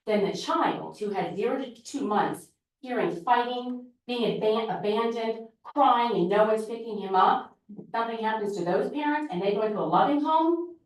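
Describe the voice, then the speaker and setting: A woman teacher giving an informal talk to a group, telling lively stories and acting out classroom exchanges. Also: medium pitch, recorded from a distance. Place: large echoey church hall. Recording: very echoey hall, voice picked up from afar.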